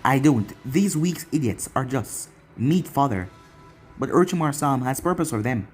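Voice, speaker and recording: A storytelling narrator reading the lines of a cold, scornful female ninja in a lowered, dismissive tone. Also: lively intonation, moderate pace, soft background music, close to an everyday voice.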